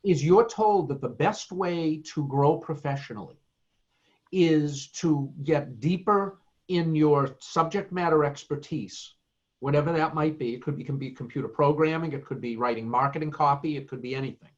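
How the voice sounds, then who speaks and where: A man's voice: on the high side, moderate pace, highs cut off. A middle-aged man giving earnest, emphatic career advice as a guest in a podcast interview, with plenty of fillers. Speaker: guest speaker.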